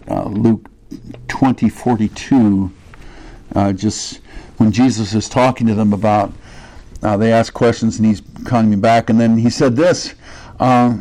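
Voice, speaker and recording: A man preaching a sermon in a conversational way, putting questions to his listeners and slowing down to stress the verses he quotes. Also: medium pitch, a little mellow. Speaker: pastor.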